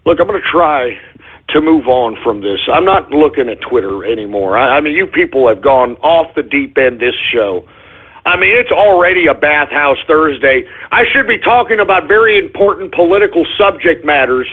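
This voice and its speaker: Hoarse, exasperated man ranting on air. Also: fairly high pitch, animated, moderate pace. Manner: exasperated ranting with shouted outbursts and sighs; curses, then apologizes for cursing. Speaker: radio show host. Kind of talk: ranting call-in radio monologue. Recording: tinny phone-like lo-fi audio.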